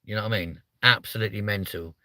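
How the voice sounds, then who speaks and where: A man hosts a comedic live stream, joking with viewers in a rambling, sweary way and slipping into silly high voices. He talks fast with a steady, sharp tone, and there's no echo.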